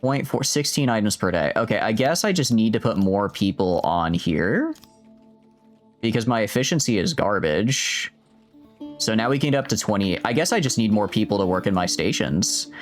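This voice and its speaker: A man's voice: on the low side, animated, moderate pace, soft background music. A man streaming a game, rambling and joking with his chat in casual gameplay commentary. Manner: rambling, jokey, talks to chat.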